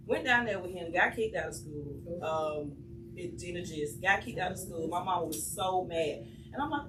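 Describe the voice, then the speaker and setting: A woman on a panel telling a family story in a playful, animated way, acting out the quotes. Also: on the low side, a little fast. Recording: echoey room from far off, noisy.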